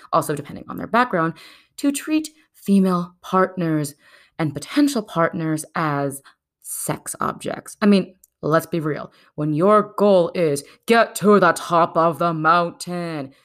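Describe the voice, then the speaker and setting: A young adult woman giving casual video commentary, sarcastic and animated, slipping into mocking voices. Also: low voice. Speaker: video essayist.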